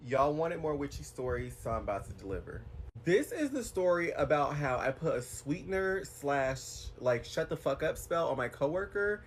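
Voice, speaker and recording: A man telling a personal story to camera in a casual, profane, animated way, swinging his voice up high when quoting himself. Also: normal speed, a little hiss or hum.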